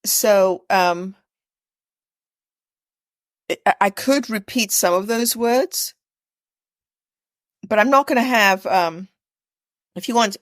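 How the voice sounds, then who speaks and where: A woman's voice: mid-range voice, slow, long pauses, no room sound. A woman, an executive coach, asking questions on a video call and thinking aloud, hesitant and self-correcting.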